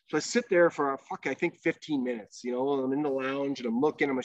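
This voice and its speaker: A man's voice: medium pitch, brisk, few pauses, no echo. A man who is a former hockey goalie, telling a casual, rambling story as a podcast guest and swearing freely. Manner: profane, rambling storyteller with many fillers. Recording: dull lo-fi podcast audio.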